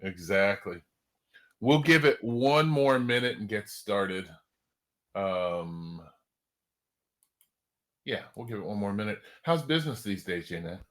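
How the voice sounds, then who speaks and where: A man's voice: lowish voice, animated, slow pace, pauses often, a bit bright. A man hosting a casual video call chat, talking in a rambling way with frequent restarts. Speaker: host.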